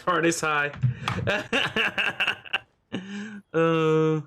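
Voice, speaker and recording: Bright-voiced man chatting over a game. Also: fairly high pitch, very slow, soft background music. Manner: laughs often, rambles. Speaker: gamer streaming with a friend. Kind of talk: casual chat while gaming.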